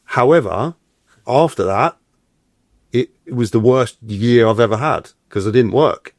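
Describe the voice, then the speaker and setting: A man's voice: mid-range voice, unhurried, dry recording, studio quality. A middle-aged man, an actor guest telling stories in a casual interview and acting out the voices he quotes. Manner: animated, acts out quoted voices.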